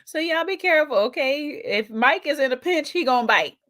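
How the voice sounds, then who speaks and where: A woman's voice: high voice, expressive, brisk, fairly bright tone. A woman, co-hosting a casual chat show, talking to viewers while eating, with teasing asides. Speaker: podcast co-host.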